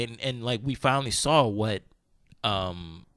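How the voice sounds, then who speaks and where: A man hosting a podcast, telling a story in casual chat, animated, full of "like" and swearing freely. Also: medium pitch, a little slow, no echo. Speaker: podcast host.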